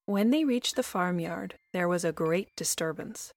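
Gravelly woman reading a fairy tale. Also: on the low side, animated, normal speed, few pauses, dry recording. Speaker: storyteller. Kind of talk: fairy tale read aloud.

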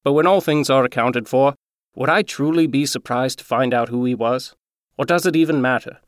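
A man reading a Christmas story aloud in a measured, earnest way. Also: medium pitch, no room sound, studio quality.

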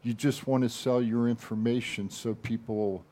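A man's voice: mid-range voice, fairly even intonation, normal speed, mellow. An older man on a wrestling chat podcast, talking in a blunt, folksy, emphatic way. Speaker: panelist nicknamed Chief.

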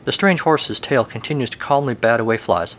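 A man's voice: medium pitch, fairly quick, a little hiss or hum. Wry male storyteller. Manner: wry, deadpan. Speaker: narrator. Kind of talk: storytelling narration.

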